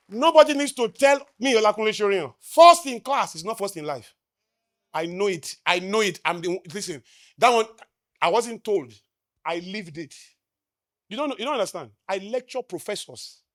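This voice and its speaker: Nigerian guy giving a motivational talk on stage, kinda high voice, dry close sound, loud then quiet, keeps asking the crowd questions. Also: no echo. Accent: Nigerian English. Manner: emphatic, with rhetorical questions to the crowd; swings between loud declarations and low asides. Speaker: motivational speaker. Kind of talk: live stage talk to an audience.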